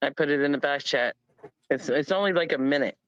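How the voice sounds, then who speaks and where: A man's voice: a little high, a little fast, fairly bright tone, no echo, muffled recording. A man in a casual group chat, talking in an easygoing way.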